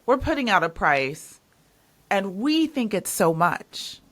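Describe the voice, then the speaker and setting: Podcast host, woman. Bright, forceful tone, emphatic and conversational. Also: medium pitch, very animated, slow. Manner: emphatic, repeats herself when stressing a point. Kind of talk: casual interview chat.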